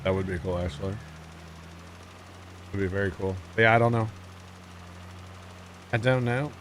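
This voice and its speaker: A man's voice: lowish voice, moderate pace, a bit bright, a little hiss or hum. A man livestreaming a farming game, chatting casually with his viewers and often apologizing with a laugh. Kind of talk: casual gameplay commentary.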